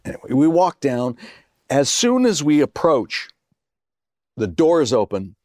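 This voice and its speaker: A man's voice: fairly high pitch, sing-song, measured pace, darkish tone, dry recording, clean studio sound. A middle-aged man, an actor guest, telling a story in casual chat and acting out the voices of the people in it. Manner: acts out quoted voices, laughs mid-story.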